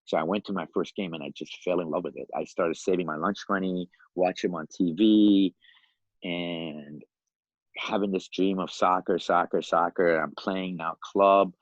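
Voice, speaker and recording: A man in his fifties from Iran, a podcast guest telling his life story in a lively, animated way, often laughing and acting out the voices of other people. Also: low-pitched, normal speed, no room sound, dull audio. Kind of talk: casual storytelling.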